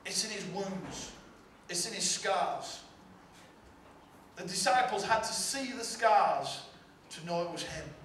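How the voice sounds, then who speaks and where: A man's voice: sits high, lively intonation, slow pace, pauses often, a bit bright, slight background noise. A male pastor preaching a sermon with emphatic, repetitive rhetorical build-ups. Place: large church hall. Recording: echoey hall from far off, faint ambience.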